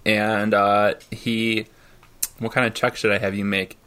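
Man, game master, tabletop narration, bright tone, laughs a lot. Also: fairly low pitch, level tone, unhurried, clear, resonant tone. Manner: laughs often, loose and chatty.

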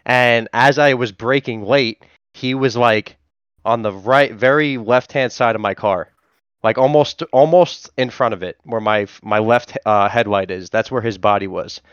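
A man's voice: medium pitch, steady tone, unhurried, fairly bright tone, clear, resonant tone, no room sound. Man telling a profane story, dull lo-fi. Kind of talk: casual storytelling. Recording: dull, dry lo-fi sound.

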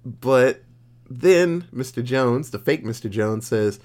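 A man co-hosting a podcast, casually recapping a horror movie plot with lots of swearing and jokes, slipping into quick voices for the characters. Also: mid-range voice, darkish tone. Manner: profane, jokey, acts out characters mid-recap. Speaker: podcast co-host.

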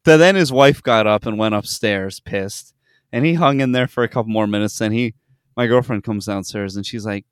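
A man's voice: medium pitch, normal speed, smooth, no room sound, studio quality. A young man hosting a podcast, telling a story in casual chat, swearing freely and acting out the people in it. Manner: animated storytelling, swears freely, acts out quotes. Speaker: podcast host.

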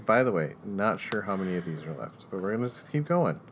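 A man's voice: sits low, big pitch swings, fast, slight background noise. A man hosting a casual trivia game, who teases and laughs often. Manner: playful, teasing, laughs often. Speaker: quiz host.

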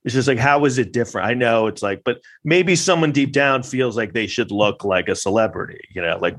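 A man's voice: medium pitch, animated, a little fast, few pauses, fairly bright tone. A man delivering a rambling, sarcastic, profane monologue as a podcast host. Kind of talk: casual ranting monologue.

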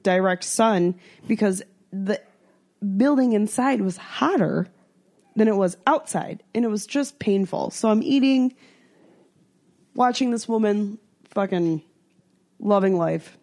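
A young American woman chatting on a podcast, telling a story and acting out what people said. She swears freely, and her pitch leaps up whenever she quotes someone. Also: animated, measured pace, long pauses, a little mellow. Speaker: podcast co-host. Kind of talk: casual chat.

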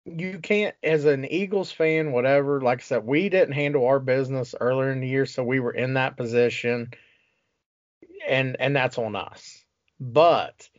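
A man's voice: fairly high pitch, no room sound. A man co-hosting a casual sports talk show, ranting with exasperation and plenty of swearing. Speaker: podcast co-host. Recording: dull lo-fi sound.

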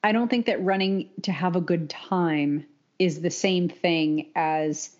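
A woman co-hosting a casual podcast as a running coach, talking in an animated, opinionated way and laughing often. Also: fairly low pitch, measured pace. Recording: dull lo-fi podcast audio.

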